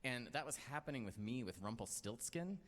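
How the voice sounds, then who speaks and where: With a medium pitch, lively intonation, and a somewhat bright sound, an American man briskly tells his own story while hosting a live storytelling night. His telling is rambling and self-deprecating, with many fillers, and long hall reverb is audible.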